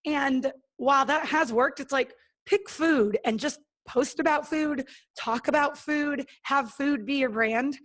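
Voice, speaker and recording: High-voiced, earnest woman podcast guest. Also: measured pace. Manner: animated, acts out her own thoughts and others' words; earnest and motivational. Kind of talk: casual interview talk.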